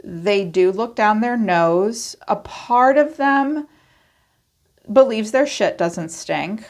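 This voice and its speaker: A woman's voice: medium pitch, expressive, slow pace, darkish tone. A woman giving a casual tarot card reading, chatty and informal, thinking aloud as she goes. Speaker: tarot reader.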